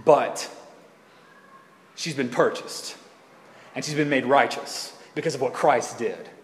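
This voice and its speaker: A man's voice: medium pitch, takes it slowly, a little hiss or hum. A man preaching a sermon as pastor in a conversational, rambling way that often corrects itself mid-sentence. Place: church sanctuary. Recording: echoey hall reverb.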